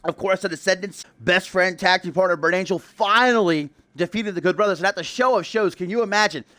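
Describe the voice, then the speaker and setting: A man's voice: high-pitched, fairly quick, bright, forceful tone, no echo. A young man calling a wrestling video game match as play-by-play commentator, building hype with casual asides to his stream chat.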